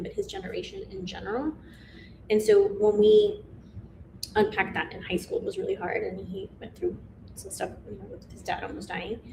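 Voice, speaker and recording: A woman's voice: fairly high pitch, vocal fry, a little mellow, a little hiss or hum. A woman life coach and mother, talking in a casual, reflective way about her family. She rambles, trails off and restarts her sentences. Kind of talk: casual reflective live-stream chat. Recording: roomy echo.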